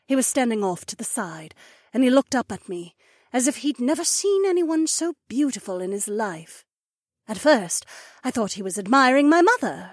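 A man voicing a poised young she-wolf duchess in an audiobook, gentle and reminiscing. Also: very high-pitched, no room sound, studio quality, voice pushed up, exaggerated voice. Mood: amused. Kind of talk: audiobook character voice.

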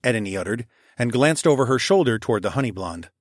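A man narrating a first-person audiobook in a calm, measured way. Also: medium pitch, no echo, clean studio sound.

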